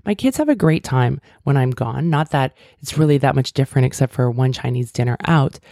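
Creaky-voiced woman giving self-help advice. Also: extremely low pitch, animated, brisk, mellow, no room sound, studio quality. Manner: earnest, wordy, coaching tone. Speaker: podcast host. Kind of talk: casual self-help talk.

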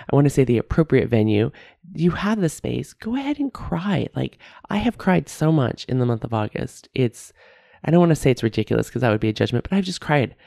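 A woman's voice: extremely low pitch, vocal fry, dark tone, no echo, clean studio sound. A woman hosting her own podcast, talking candidly about feelings, often laughing at herself and repeating key phrases. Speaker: podcast host. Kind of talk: reflective solo podcast talk.

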